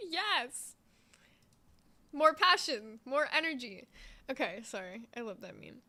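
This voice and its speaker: A woman's voice: high voice, very animated, takes it slowly, bright, forceful tone. A woman co-hosting a casual livestream, giggling and hedging with lots of fillers. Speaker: stream co-host.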